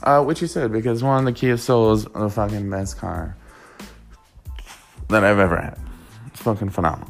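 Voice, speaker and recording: A man vlogging, telling a rambling, profane story in a casual, animated way. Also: lowish voice, normal speed, creaky, pauses often, soft background music. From Worcester, Massachusetts.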